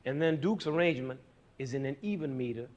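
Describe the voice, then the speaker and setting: A man's voice: medium pitch, quick pace, muffled recording. A man teaching a lesson on rhythm, asking his listeners questions and drawing out their answers. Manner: animated, asks the audience questions. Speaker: music teacher.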